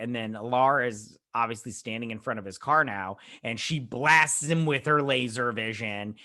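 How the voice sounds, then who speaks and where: A man hosting a casual review show, recapping an episode in a rambling, slangy way and slipping into quick acted quotes. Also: mid-range voice, bright, forceful tone.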